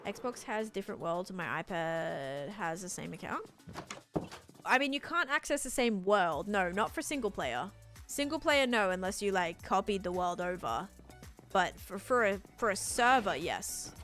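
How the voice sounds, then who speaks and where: A woman's voice: medium pitch, fairly bright tone. Chatty Australian woman streaming a game. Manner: chatty, thinking aloud while building and answering chat. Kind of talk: live gameplay stream chat.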